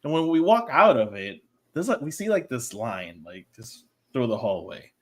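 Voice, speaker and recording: A man's voice: mid-range voice, moderate pace. A man co-hosting a podcast, telling a long casual story and acting out the dialogue in it. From Puerto Rico. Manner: animated, acts out quoted dialogue. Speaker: podcast co-host.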